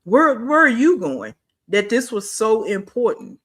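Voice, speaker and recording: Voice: medium pitch, very animated, measured pace, fairly bright tone. A reaction channel host giving blunt, scolding commentary and talking back at a clip.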